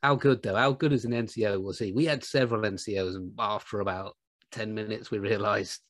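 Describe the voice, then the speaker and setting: A man's voice: on the low side, steady tone, fairly quick, fairly bright tone. A man joking, swearing and laughing in casual chat with castmates, heard over a video call. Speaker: actor on a cast reunion panel.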